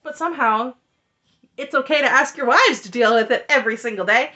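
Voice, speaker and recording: A woman's voice: high-pitched, a little fast, bright, forceful tone, lo-fi sound. A woman recapping a reality show in casual commentary, sarcastic and exasperated. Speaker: recap vlogger.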